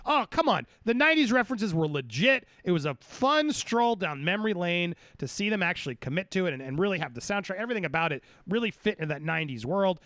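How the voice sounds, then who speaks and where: A man's voice: sits high, very animated, fast, few pauses, fairly bright tone, no room sound. A man in his forties, an enthusiastic film critic, rattling off a list to win a playful debate. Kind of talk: playful debate, arguing a side.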